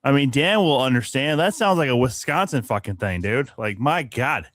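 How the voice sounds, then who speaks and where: A man's voice: medium pitch, lively intonation, moderate pace, fairly bright tone, no echo. Profane ranting man, dry close sound. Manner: profane, ranting, laughs often. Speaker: podcast co-host. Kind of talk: casual sports chat.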